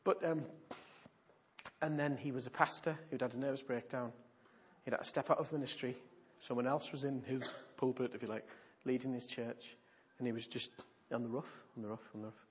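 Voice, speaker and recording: A pastor gives a sermon at a brisk pace in a medium-pitched voice, telling stories with animation and emphatic repetition. Slight background noise accompanies the dull lo-fi recording.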